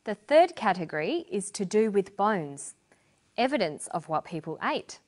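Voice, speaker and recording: A woman narrating a scripted English lesson as a teacher, speaking clearly and deliberately. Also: mid-range voice, sing-song.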